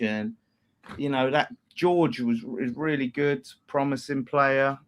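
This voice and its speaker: A man's voice: medium pitch, steady tone, measured pace, a bit bright. Chatty man reading fan messages. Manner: chatty, laughs often, reads messages aloud. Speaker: fan channel host reading super chats. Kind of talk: casual post-match chat.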